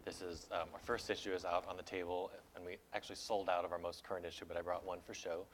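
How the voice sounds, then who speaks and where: A man's voice: deep voice, flat delivery, fast, slight background noise. A man introducing his magazine as a panelist at a conference, explaining things eagerly.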